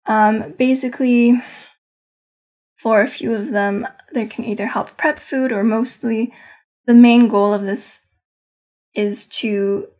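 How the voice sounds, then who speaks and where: A woman game master casually recounting her tabletop session, meandering and hedging as she searches for words. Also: medium pitch.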